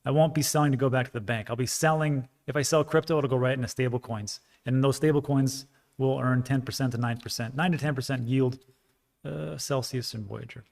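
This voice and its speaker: Male livestream host, gravelly tone, rambling and frank, chatty with the audience. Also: medium pitch, steady tone, a little fast, darkish tone. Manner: rambling, frank, self-deprecating, with frequent fillers. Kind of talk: casual livestream chat reading viewer comments.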